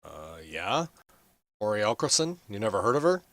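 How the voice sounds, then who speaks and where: A man voicing a male inn guard who talks in a brisk, matter-of-fact way. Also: on the low side, very animated, a bit bright, no echo, clean studio sound.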